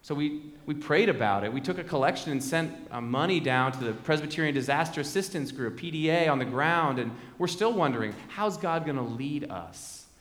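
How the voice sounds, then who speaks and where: A man's voice: a little high, lively intonation, brisk, hardly any pauses, a bit bright. A man preaching a sermon as pastor, conversational and fond of repeated refrains, in a large church sanctuary. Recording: echoey hall with long reverb.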